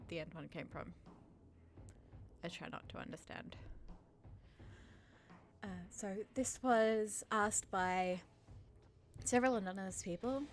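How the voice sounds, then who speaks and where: Host, woman, 30s, Australian-born with an English-sounding lilt, nervous and self-deprecating, faint music under her voice. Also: lowish voice. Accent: English-sounding, from a British father. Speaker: channel host. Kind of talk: nervous Q&A chat to camera.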